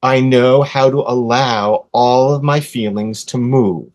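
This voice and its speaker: A man in his sixties, a podcast guest, telling a personal story earnestly and with animation, softening to a hush when quoting gentle words. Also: mid-range voice, slow pace. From USA. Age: 60s. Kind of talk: casual storytelling in an interview.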